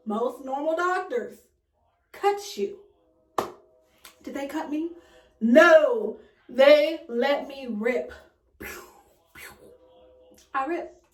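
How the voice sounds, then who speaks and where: A young woman vlogger, casually retelling a personal story with dramatic, loud acted quotes. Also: high voice, animated, slow pace, pauses often. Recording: echoey room, voice a bit far from mic.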